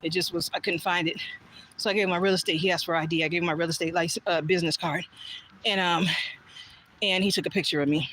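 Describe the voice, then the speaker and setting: Praatgrage vrouw die buiten livestreamt. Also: female voice, lowish voice, a bit bright. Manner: chatty, reading viewer comments aloud; frank, swears freely. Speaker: livestream vlogger. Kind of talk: casual livestream chat. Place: outdoors, walking home at evening.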